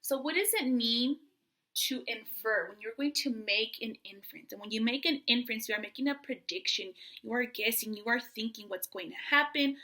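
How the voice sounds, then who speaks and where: A woman teaching a remote phonics and reading lesson, speaking slowly and patiently and spelling out sounds for young children. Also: a little high, sharp tone, low-quality recording.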